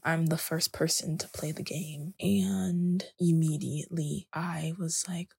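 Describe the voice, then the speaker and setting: Young woman talking softly, super breathy and raspy, bit of vocal fry, faint music behind. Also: deep voice, steady tone, measured pace, hardly any pauses, dry recording. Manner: soft-spoken, often drops to a whisper. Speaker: podcast host. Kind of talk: personal storytelling monologue.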